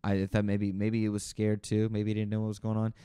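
A man tells a long anecdote on his podcast, rambling and correcting himself as he goes. His voice is low and mellow, with a smooth, clean tone. The recording is dry and close. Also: completely flat delivery, brisk, no echo. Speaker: podcast host. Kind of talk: casual storytelling.

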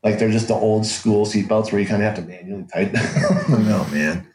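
A man with a fairly low voice tells a story as an interview guest, animated and quick to laugh. He acts out quotes and often restarts his sentences. The room around him is echoey, with a faint noise behind. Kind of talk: casual anecdotal storytelling. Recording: roomy echo.

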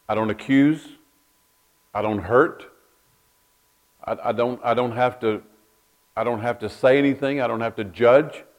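A man preaching a sermon, folksy storytelling that repeats words as he builds each point. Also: mid-range voice. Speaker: pastor.

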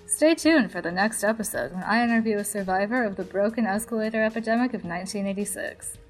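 A woman's voice: mid-range voice, fast, faint music behind, low-quality recording. A woman parodying a self-absorbed podcast host in a sarcastic comedy monologue.

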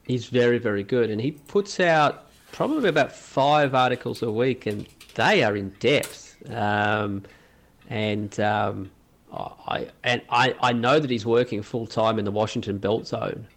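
A man, a guest podcast host chatting casually, halting and hesitant with many fillers. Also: mid-range voice, gravelly. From Australia.

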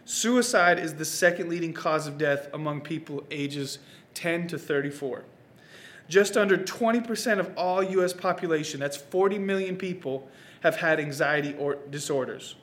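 Animated young preacher, slightly high voice. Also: male voice, moderate pace. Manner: animated storyteller, swings from hushed to loud. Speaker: pastor. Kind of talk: sermon with personal story. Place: church stage or studio, preaching to camera.

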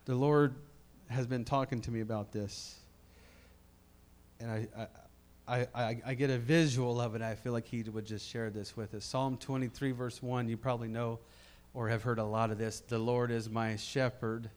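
A man preaching a sermon to a congregation, swinging between quiet reflective passages and loud emphatic ones, often repeating words as he builds up. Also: mid-range voice, level tone, normal speed. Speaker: pastor.

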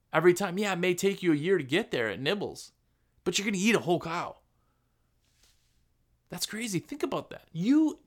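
Male podcast host with a slightly high voice, blunt and animated, pushing listeners to plan and hustle. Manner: blunt, animated, rhetorical questions. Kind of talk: motivational business talk.

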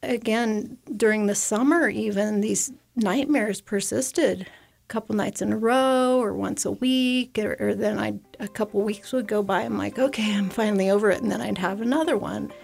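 In a studio interview, an American woman who lived through an avalanche tells her story at length and with emotion. Her medium-pitched voice is gravelly and darkish, at a moderate pace. She rambles, restarting and repeating words.

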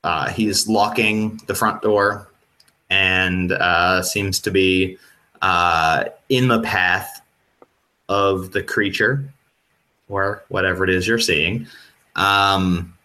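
A man running a tabletop game as game master, narrating with many pauses, ums and restarts. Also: deep voice, steady tone, bright, forceful tone. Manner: hesitant, full of ums and restarts.

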